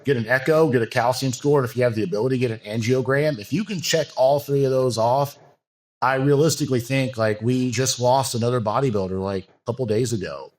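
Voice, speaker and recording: A man's voice: medium pitch, a little fast. A man, a bodybuilding coach, talking earnestly in a casual podcast conversation, with long loose run-on sentences and many fillers.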